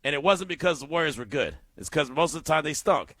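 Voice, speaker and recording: A man hosting a call-in sports radio show, talking in an animated, emphatic way and laughing often. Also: on the high side, quick pace, no echo, studio quality.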